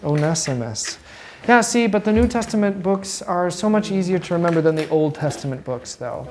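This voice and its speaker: A woman with a fairly low voice leads a church catechism class. She talks briskly and playfully, repeating words to drive them home. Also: lively intonation, darkish tone, a little hiss or hum. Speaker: catechism teacher. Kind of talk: classroom teaching.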